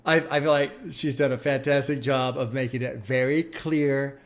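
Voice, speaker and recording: A man's voice: mid-range voice, steady tone, normal speed. Casual, swearing male reaction host. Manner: emphatic and profane, thinking aloud.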